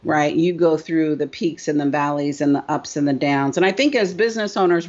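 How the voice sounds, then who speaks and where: A middle-aged woman business coach telling her story emphatically in an interview, often asking "right?". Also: medium pitch. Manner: emphatic, repeats phrases, asks "right?" often. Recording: dull lo-fi sound.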